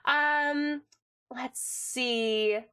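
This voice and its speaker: Her voice is high-pitched with a sharp, clean tone: a young Tasmanian woman doing casual livestream chat, greeting people and reading chat messages. Giggly and bubbly, she flits rapidly from one thing to the next and curses casually.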